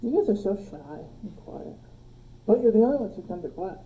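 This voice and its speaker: A woman teaching a logic class, relaxed, quizzing her students and joking with them, recorded on a phone in a classroom. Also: mid-range voice, brisk, distant mic, narrow, tinny audio. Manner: relaxed, asks the class questions and jokes. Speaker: logic instructor. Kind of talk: classroom lecture. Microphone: phone streaming the class.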